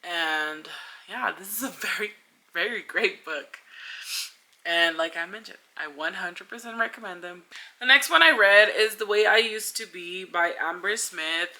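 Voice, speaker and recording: A woman's voice: lowish voice, unhurried, pushed and bright. A young woman in a casual book review vlog, chatty and gushing, with lots of filler words. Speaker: book vlogger.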